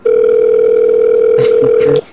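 A man talking casually and crudely as a show host, teasing and mock-indignant in quick bursts. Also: dull audio, a crowd in the background. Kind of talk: casual crude talk with prank calls.

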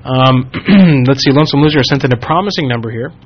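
A man's voice: medium pitch, fast. A man hosting a casual radio show, rambling, joking and mimicking callers. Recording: muffled radio sound with faint music.

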